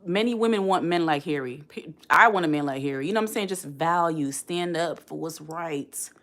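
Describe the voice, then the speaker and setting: A woman around forty talks casually on a live stream with a somewhat low voice. She chats directly to her viewers and reads their comments aloud. Her delivery is loose and conversational. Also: animated, normal speed, a bit bright.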